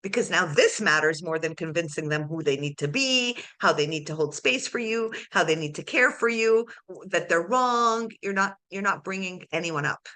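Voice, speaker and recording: A woman's voice: on the low side, moderate pace, hardly any pauses, pushed and bright. A woman coaching a client one to one, acting out the client's inner dialogue and laughing often. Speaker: life coach. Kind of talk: coaching session.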